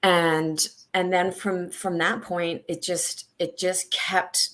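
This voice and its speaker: A woman guest on a video-call interview, talking candidly and haltingly about a hard personal time, with many restarts. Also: on the low side. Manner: halting, many restarts, animated when reliving moments. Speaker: guest, senior leader.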